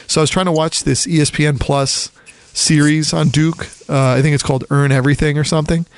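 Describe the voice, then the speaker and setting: A man from the Philadelphia area chatting casually about college basketball, rambling and animated, often acting out quotes. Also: fairly high pitch, a little fast, clean tone, no echo. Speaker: podcast co-host. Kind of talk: casual sports chat.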